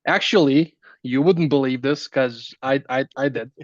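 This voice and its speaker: A man from Serbia, a guest telling his story in a relaxed, hesitant way with fillers. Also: medium pitch, unhurried, no echo. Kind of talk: casual storytelling in conversation. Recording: dull, muffled lo-fi line.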